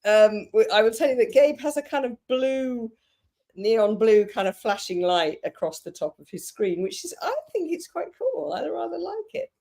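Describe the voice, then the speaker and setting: A woman's voice: on the high side, big pitch swings, moderate pace, vocal fry, mellow. A woman with an English accent hosting a casual live-stream podcast, gushing with praise for her guests. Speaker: podcast host.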